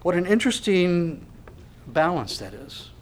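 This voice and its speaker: Male pastor, sermon delivery, earnest and emphatic, slightly high voice, repeats and restarts phrases. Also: very animated, a little slow. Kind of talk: expository sermon.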